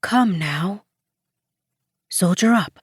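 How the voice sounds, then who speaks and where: A tough but motherly older female prison inmate, as a woman narrator puts her on, speaks in a soft, gruff, coaxing way. The voice is slow and dry, recorded close for an audiobook. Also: lowish voice, steady tone, no room sound, heavily acted. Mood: gentle coaxing.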